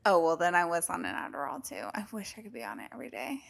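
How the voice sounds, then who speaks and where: Gravelly young woman telling stories. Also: on the low side, quick pace. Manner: animated storyteller, swears casually. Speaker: podcast co-host. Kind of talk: casual chat.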